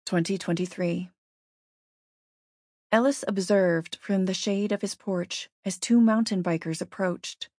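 A woman narrating a story in a steady, measured audiobook reading. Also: medium pitch, dry recording, studio quality.

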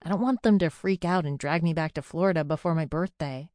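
A woman's voice: sits low, fairly quick, darkish tone, dry recording, clean studio sound. A young adult woman narrating a first-person audiobook in a chatty, confiding way.

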